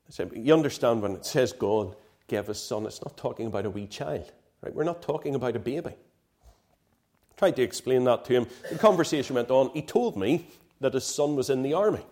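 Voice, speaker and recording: A man's voice: mid-range voice, expressive, normal speed, warm tone. A man preaching a sermon in an impassioned, emphatic way, often asking his listeners "right?".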